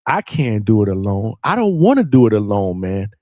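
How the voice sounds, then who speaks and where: A man's voice: on the low side, sing-song, normal speed, a little mellow, no room sound, studio quality. A man hosting a late-night boxing call-in show, talking in a loose, slangy and profane way, with lots of "man" and "bro". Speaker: podcast host.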